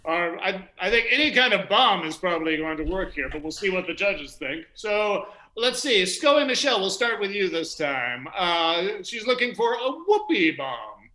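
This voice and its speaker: A man's voice: high-pitched, animated, normal speed, few pauses, pushed and bright, reverberant, rough recording. A man hosting a live comedy game show in a playful, teasing way.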